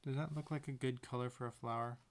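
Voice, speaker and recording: A man's voice: medium pitch, fairly even intonation, fast talker. A man casually narrating as he paints a tiny picture, rambling to himself with playful sound words. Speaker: painter and video maker.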